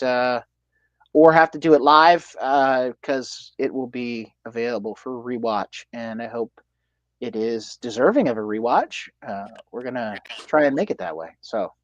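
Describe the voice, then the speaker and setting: An American man co-hosting a casual livestream, speaking haltingly with many fillers and restarts. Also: mid-range voice, no echo, highs cut off. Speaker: livestream co-host.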